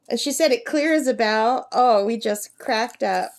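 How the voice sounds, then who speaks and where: Middle-aged woman, chatty, fairly high voice, casual crafting vlog, coos at her pet. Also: normal speed, few pauses, slight background noise. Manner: chatty, reads out number codes, coos at her parrot. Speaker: craft vlogger. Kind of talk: casual chat while crafting. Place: campsite.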